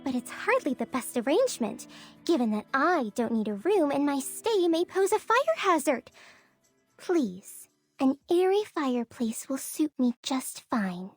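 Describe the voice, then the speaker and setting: A woman's voice: high-pitched, very animated, unhurried, no echo, soft background music. A woman voicing an ancient, polite female fire spirit in a game, speaking in a Canadian accent.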